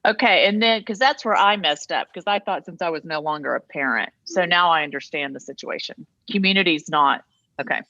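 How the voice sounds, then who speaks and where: A woman's voice: fairly low pitch, brisk, bright, forceful tone, no room sound. A woman on a video call chatting in a meeting, thinking aloud with fillers, over dull lo-fi call audio. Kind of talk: casual meeting chat.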